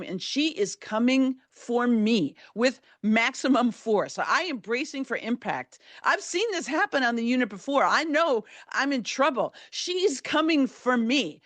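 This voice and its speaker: A middle-aged woman hosting a podcast, telling a true story from her own life in a measured, vivid way that builds drama. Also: high-pitched, fairly bright tone, dry recording. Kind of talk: first-person true storytelling.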